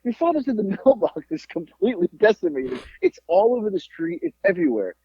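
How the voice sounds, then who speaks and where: A man's voice: high-pitched, wildly swooping pitch, fairly quick, gravelly, husky, dry recording, dull audio, pitched above the performer's own voice, heavily acted. A man voicing a scolding, nagging mother in a raised voice. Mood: questioning. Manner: nagging, accusing. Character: scolding middle-aged mother.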